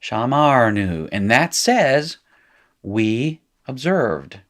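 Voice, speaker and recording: Low-voiced middle-aged male teacher, chatty, explains as he goes. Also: moderate pace. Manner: chatty, explanatory, thinking aloud. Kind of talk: recorded screen lesson.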